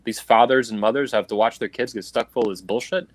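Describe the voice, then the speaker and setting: A man's voice: on the low side, quick pace, no echo. A man hosting a livestream, delivering a heated, profane political rant in an angry, emphatic way over a video call. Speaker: livestream host. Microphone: video call stream.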